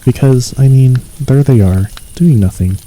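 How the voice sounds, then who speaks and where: A man's voice: medium pitch, measured pace, warm tone, pitched above the performer's own voice, close to an everyday voice, poor audio. A man voicing a polite, fussy male rabbit in a storybook, speaking in a prim, pointed manner.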